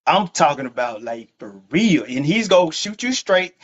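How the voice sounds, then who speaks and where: A man's voice: fairly high pitch, expressive, brisk, few pauses, muffled recording. A man hosting a faith podcast, chatting in a laid-back, joking, slangy way. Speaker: host.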